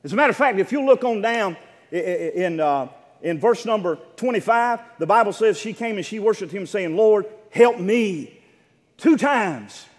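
A man preaching with passion, his voice sitting high and ringing out under a long hall reverb. He hammers phrases again and again and builds to shouted peaks. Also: expressive, fairly quick. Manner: impassioned, swelling to shouted peaks; repeats phrases for emphasis. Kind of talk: sermon.

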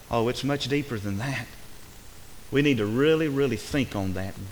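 Preacher with a reverberant church sound. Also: male voice, medium pitch, a little fast. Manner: rising to fervent emphatic preaching, then dropping soft. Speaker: pastor. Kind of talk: sermon. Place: church sanctuary. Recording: reverberant hall with faint hiss.

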